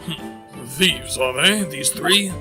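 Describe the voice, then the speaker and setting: A streamer voicing a male courtroom judge in a video game, speaking in a low, quiet, slow and stately way. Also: animated, over music.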